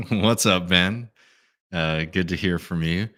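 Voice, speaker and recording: A man hosting a live stream, reading out viewer messages and answering them in a relaxed, thinking-aloud way with many fillers. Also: sits low, slow. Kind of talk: casual live Q&A commentary.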